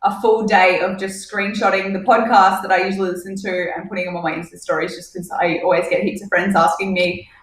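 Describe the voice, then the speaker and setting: A woman's voice: medium pitch, level tone, fairly quick, few pauses. An Australian woman chats as a podcast guest, bubbly and laughing. She sounds distant and roomy, with faint hiss behind her. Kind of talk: casual chat.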